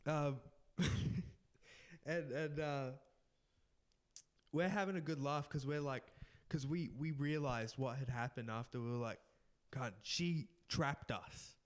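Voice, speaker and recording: A young man telling an animated story in casual podcast chat, often laughing and restarting his sentences. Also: fairly high pitch, slow pace, long pauses. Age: young adult. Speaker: podcast co-host.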